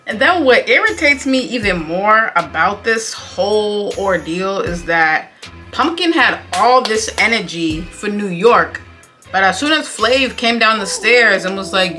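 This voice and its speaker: Bright-voiced, sassy young woman. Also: mid-range voice. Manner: sassy, blunt, opinionated, uses slang. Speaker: commentary vlogger. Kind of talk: casual reality TV recap commentary.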